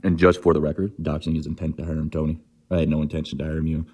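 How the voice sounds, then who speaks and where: A man in his thirties with a very deep, husky voice tears through a furious, rapid-fire rant. Curses and insults tumble out almost without a pause. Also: flat delivery, a little mellow. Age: 30s. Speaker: livestreamer. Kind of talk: angry livestream rant.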